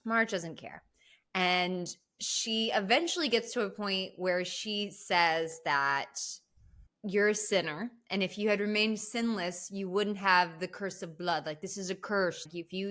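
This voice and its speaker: Bright-voiced woman recapping a film. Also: medium pitch, unhurried. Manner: animated storyteller, swears casually. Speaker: podcast host. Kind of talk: casual movie recap chat.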